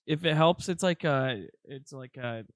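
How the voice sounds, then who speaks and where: A man's voice: medium pitch, measured pace, dry recording, studio quality. A young man co-hosting a comedy podcast in casual chat, laughing often as he tells stories.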